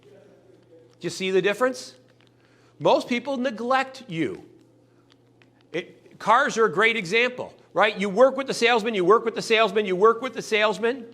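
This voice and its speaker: A man with a high-pitched voice speaks at normal speed, pausing often, during a motivational sales training talk. He's animated and acts out little scenes, taking on customers' voices alongside the salespeople.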